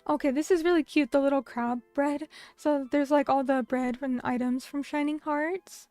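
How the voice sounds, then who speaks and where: A young woman chats with her stream audience in a high, bubbly voice. She is chatty and full of fillers as she reacts to comments. The sound is dry and close, with soft music playing underneath. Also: steady tone, normal speed, no room sound. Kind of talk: casual chat with viewers.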